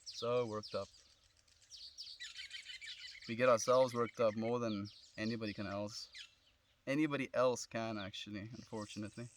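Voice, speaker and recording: A young South African man with a South African accent and a lowish voice live-streams from his phone while sitting outdoors under a tree in the sun. He speaks at normal speed with frequent pauses, answering comments in a relaxed, friendly, reflective way and calling viewers "friend." There's slight background noise.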